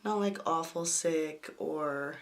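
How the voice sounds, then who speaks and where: A young woman with a hoarse voice from a cold, chatting through a makeup tutorial and apologizing for how she sounds. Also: sits low, slow. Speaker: beauty vlogger.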